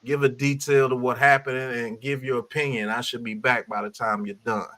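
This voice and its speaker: Man, mid pitch, bright voice, casual sports show host, direct. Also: little pitch movement, moderate pace. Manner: casual, direct, handing over the segment. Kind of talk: live sports talk show.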